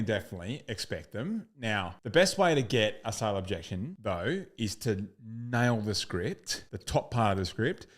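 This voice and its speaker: Profane, upbeat male sales coach. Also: lowish voice. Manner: blunt, profane, upbeat, acts out sales calls. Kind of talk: recorded coaching lesson.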